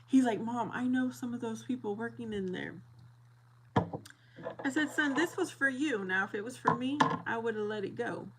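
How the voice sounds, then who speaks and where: A middle-aged woman chatting casually with viewers, animated and laughing often as she acts out both sides of a story. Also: on the high side, normal speed, heavy background noise.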